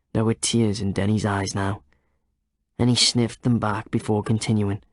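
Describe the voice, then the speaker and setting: A man's voice: lowish voice, little pitch movement, normal speed, no room sound. Dry-voiced male audiobook narrator. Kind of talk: scripted narration.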